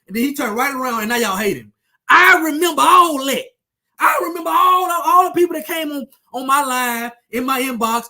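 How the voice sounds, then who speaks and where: Here a man with a very high-pitched, pushed and bright voice talks fairly quickly with lively intonation. He is a sports commentator on his own channel, giving his viewers a heated, foul-mouthed rant full of taunts and emphatic repetition.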